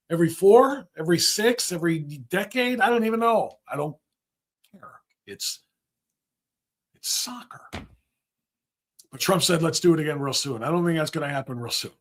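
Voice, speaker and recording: A man's voice: a little high, a bit bright. A middle-aged man hosting a livestream, giving rambling, sarcastic political commentary. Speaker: host.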